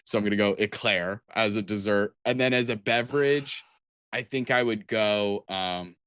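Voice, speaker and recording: A man's voice: fairly low pitch, moderate pace, fairly bright tone, clean tone, no room sound. A man co-hosting a podcast, chatting casually about tabletop games in a rambling way with many restarts. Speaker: podcast co-host.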